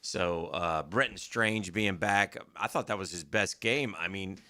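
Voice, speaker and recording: A low-pitched man with a sharp tone and an unhurried pace hosts a sports radio show from the studio. His talk about a football game is loose and casual, and he often repeats words as he goes.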